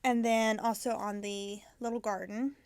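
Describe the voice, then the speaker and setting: A chatty woman with a slightly high voice hosts a knitting show. She talks in a relaxed, show-and-tell way, corrects herself often and sometimes drops into soft asides. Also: measured pace, no room sound. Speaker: knitting podcast host. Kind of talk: casual show-and-tell chat.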